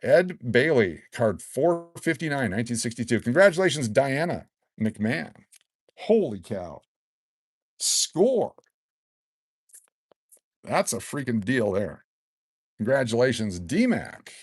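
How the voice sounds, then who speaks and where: A man in his sixties hosting a casual live stream, excitedly reading out collectible cards and rambling into stories. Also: medium pitch, unhurried, no room sound, studio quality. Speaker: livestream host giving away collectible cards.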